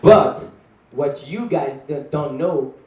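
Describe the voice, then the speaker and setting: Young French-accented male guest, mellow, laughs through lines, roomy distant stage sound. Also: fairly high pitch, expressive, slow pace. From France. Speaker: guest actor at a film event. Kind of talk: playful stage remarks. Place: event stage with an audience. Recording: echoey event hall, from far off.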